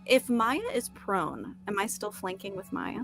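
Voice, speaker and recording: A woman's voice: mid-range voice, animated, measured pace, creaky, over music. A woman playing a tabletop game who reads rules aloud and laughs often. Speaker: player. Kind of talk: casual game chat.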